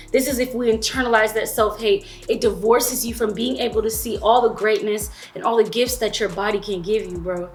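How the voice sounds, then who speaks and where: Candid chatty woman vlogger, slightly high. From Florida. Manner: candid, chatty, confiding, with slangy asides. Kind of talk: personal storytelling vlog.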